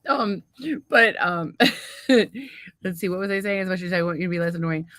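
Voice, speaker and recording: A woman's voice: on the low side, brisk, fairly bright tone, no room sound, studio quality. A woman co-hosting a podcast with her husband, bantering brashly and teasing him, often breaking into laughter. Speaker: podcast co-host. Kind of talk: casual married-couple banter.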